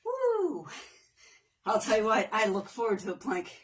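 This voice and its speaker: A woman leads a live workout chat, counting reps, joking with viewers, and slipping into playful off-key singing while exercising, sometimes strained. Her mid-range voice is steady in tone and quick. She's far from the mic, with a little hiss or hum.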